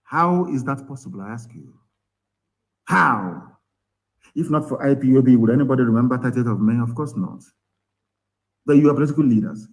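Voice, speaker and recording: Captured on a low-quality recording, this man's medium-pitched voice runs a little fast and pauses often. A Nigerian-accented activist leader and native Igbo speaker, he delivers a furious, contemptuous live broadcast peppered with rhetorical questions.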